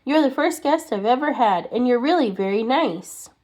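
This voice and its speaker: Lady putting on a squeaky little storybook man, super shy and stammery, pitched way up high. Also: animated, normal speed, darkish tone. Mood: shy friendly. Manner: stammering, pleading.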